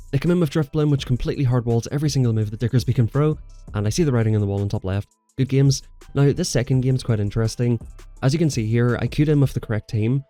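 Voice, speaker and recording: Fast-talking man calling a game. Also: medium pitch, dark tone, dry recording. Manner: casual, chatty, explains moves as he plays. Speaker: game channel host. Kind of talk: gameplay commentary.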